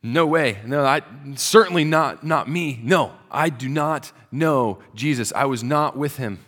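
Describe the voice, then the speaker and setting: A man's voice: mid-range voice, unhurried, a bit bright. Man doing a nervous guy stammering no no no, long echo in a big room. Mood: flustered. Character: flustered grown man denying he knows someone.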